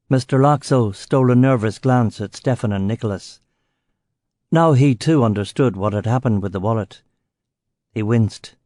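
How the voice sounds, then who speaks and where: A man narrating a crime audiobook in the first person with a wry, sardonic edge. His voice is mellow and of middle pitch. The close studio sound is very dry. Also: no room sound.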